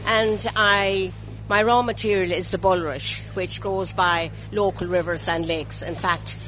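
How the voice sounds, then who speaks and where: Irish woman craftsperson, halting delivery, bright tone, faint noise around. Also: fairly low pitch, fairly even intonation, poor audio. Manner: hesitant, many fillers. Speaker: basket weaver, craft business owner.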